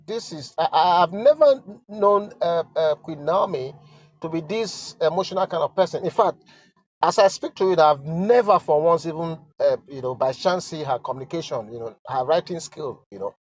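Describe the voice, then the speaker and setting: Nigerian man, commentator, halting and sighing delivery, dry muffled recording. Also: on the high side, no echo. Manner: halting and stammering, sighing, repeats himself. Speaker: online commentator. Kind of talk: emotional commentary reading a letter.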